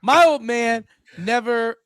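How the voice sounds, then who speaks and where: A man co-hosting a comedy radio show, energetic and quick to jump into impressions. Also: very high voice, clear, resonant tone, dry recording, clean studio sound. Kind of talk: casual comedy radio banter. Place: radio studio.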